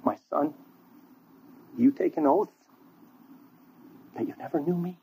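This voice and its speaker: A man voicing a gentle rabbi speaking softly and tenderly to a disciple. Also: on the high side, steady tone, takes it slowly, a little hiss or hum, pitched above the performer's own voice. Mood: hurt. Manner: soft, tender, pleading. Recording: tinny phone-like line.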